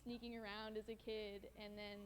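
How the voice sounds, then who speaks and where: Young mom, reflective, animated delivery, mid-pitched voice. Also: female voice, normal speed, crowd noise, low-quality recording. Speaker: young mother in a video. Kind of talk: interview-style discussion.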